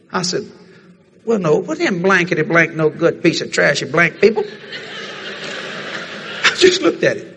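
A man preaching a sermon, telling a story in animated fashion and acting out the other people's lines. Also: fairly high pitch, normal speed, vocal fry, pauses often, slightly rough.

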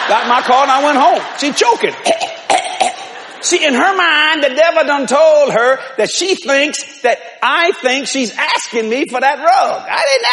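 An older man preaching a sermon to a congregation in folksy storytelling style, building up to shouts. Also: extremely high pitch, a little hiss or hum. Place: large church hall with congregation. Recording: reverberant church hall with crowd.

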